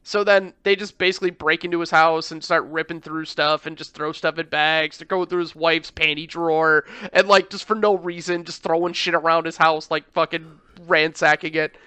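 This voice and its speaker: A man casually retelling a film plot, animated, swearing, and slipping into mock voices for the characters. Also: fairly high pitch, normal speed, hardly any pauses, smooth, no room sound. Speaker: podcast co-host. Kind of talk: casual movie recap chat.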